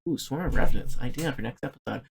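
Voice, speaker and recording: A man runs a tabletop game at a middling pitch. He rambles through rules and drops self-deprecating jokes along the way. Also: fast, creaky, slightly rough. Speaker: game master. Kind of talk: running a tabletop game podcast.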